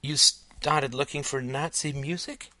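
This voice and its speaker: A man voicing a small confused young girl in an audiobook, with high, piping questions. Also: fairly even intonation, unhurried, sharp tone, no echo. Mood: curious. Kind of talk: audiobook character voice.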